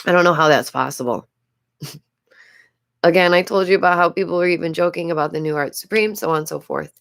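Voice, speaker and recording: A woman's voice: lowish voice, fairly quick, vocal fry, fairly bright tone. A woman hosting a casual commentary vlog, exasperated and rambling, breaking into frequent laughs. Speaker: YouTube commentary host.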